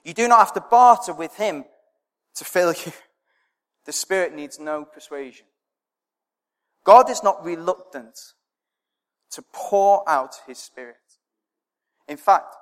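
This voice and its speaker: Emphatic preacher man, high voice in a reverberant hall. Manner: emphatic, rhetorical questions and repetition, swelling then dropping to near quiet. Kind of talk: sermon.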